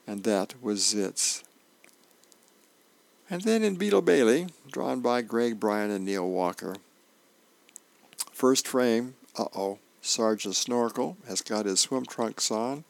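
A man's voice: on the low side, unhurried, gravelly, no echo. A man, a volunteer reader for a radio reading service, reading newspaper comics and birthdays aloud, lightly voicing the dialogue. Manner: reads comic dialogue with small voice changes.

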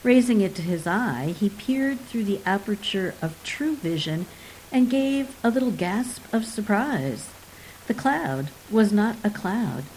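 A woman reading a fantasy story aloud in an even, measured storytelling manner. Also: mid-range voice, a little hiss or hum, low-quality recording. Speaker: narrator. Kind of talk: scripted audiobook narration.

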